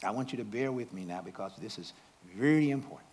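A man preaching a sermon, calling out questions to the congregation and swinging from loud, exclaiming passages to hushed asides. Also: lowish voice, animated, quick pace.

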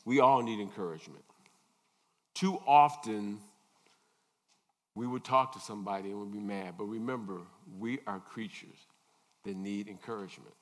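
A man preaching a sermon, unhurried, pausing often and asking his listeners questions. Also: on the low side. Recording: long reverb in a large hall.

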